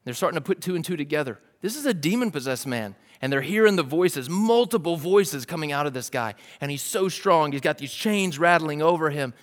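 A man with a somewhat high voice delivers a sermon, retelling the scene in a relaxed, vivid storyteller's way. His voice rings out with a long reverb, as in a large church hall. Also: fairly quick, few pauses. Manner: casual, vivid storytelling with "like" and "dude". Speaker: pastor.

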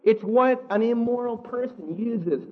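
A man preaching a sermon, animated, acting out the quotes he tells. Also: very high-pitched, a little slow, phone-quality sound. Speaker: pastor.

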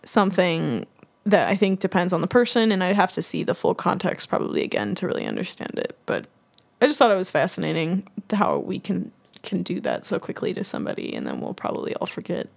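A woman's voice: fairly low pitch, sing-song, fairly quick, gravelly. A woman co-hosting a podcast in casual chat, rambling and giggling as she talks. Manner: chatty, giggly, rambling with fillers. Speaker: podcast co-host.

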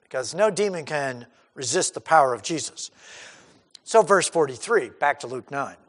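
A man preaching an expository sermon who acts out crowd voices and swings from loud to hushed. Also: on the high side, animated, moderate pace. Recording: hall reverb.

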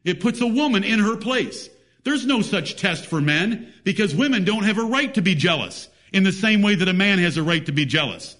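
A man with a fairly high voice preaches a sermon. He speaks emphatically and reads scripture in old-fashioned biblical wording. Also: animated, moderate pace, fairly bright tone.

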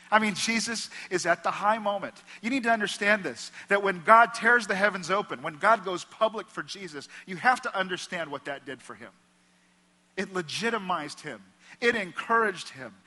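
A man with a bright, forceful voice preaching in a church sanctuary, his words ringing through a long hall reverb. He delivers the sermon with passion, dropping down low and quiet whenever he quotes someone. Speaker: pastor.

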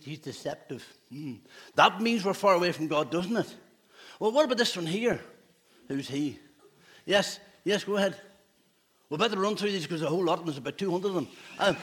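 A man's voice: high voice, a bit bright, slightly rough. A man, a pastor giving a playful children's talk in a church service, asking the children questions. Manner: playful, asks children questions, laughs often.

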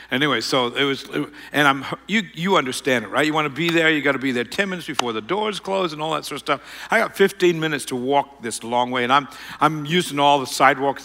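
A man's voice: mid-range voice, big-room sound. Middle-aged man telling a rambling story. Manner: rambling, self-mocking, animated retelling. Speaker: speaker telling a personal story. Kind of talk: storytelling talk to an audience.

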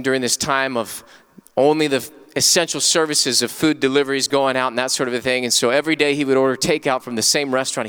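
Emphatic preaching man, smooth clear voice. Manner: emphatic preaching with repeated short declarations; swings between loud urging and low, slow emphasis. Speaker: pastor. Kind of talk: sermon.

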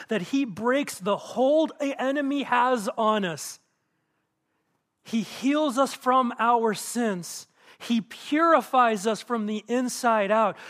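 A man preaching to his congregation in a church, animated, acting out quotes and asking the room questions. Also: high voice. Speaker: pastor. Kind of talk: sermon. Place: church auditorium.

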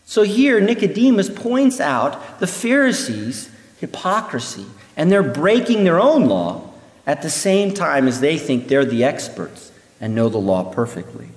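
A man teaching through a Bible passage in an animated way, acting out the voices he quotes. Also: fairly high pitch, measured pace. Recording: echoey hall reverb.

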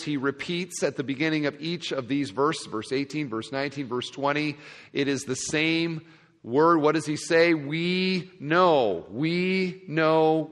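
Male pastor, sermon, expressive, quiet asides and loud emphasis, slightly high voice, long hall reverb. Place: large church sanctuary.

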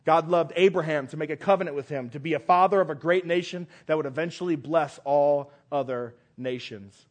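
A man's voice: fairly high pitch, a little fast, few pauses. A male pastor preaching a sermon, reading scripture aloud with earnest, rising emphasis.

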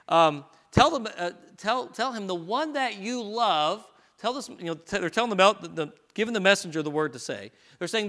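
A man preaching a sermon, reading scripture aloud with rising emphasis and dropping to quieter asides to explain it. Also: on the high side.

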